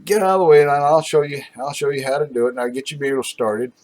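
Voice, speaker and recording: Man doing a smug folksy farmer, drawling, dismissive, middle pitch. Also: little pitch movement, fast, close to an everyday voice, rough recording.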